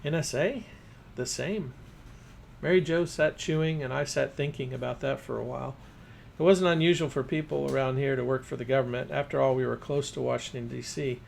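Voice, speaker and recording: Gravelly male storyteller. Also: medium pitch, steady tone, brisk, a little hiss or hum. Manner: first-person storytelling. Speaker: narrator. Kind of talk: reading fiction aloud.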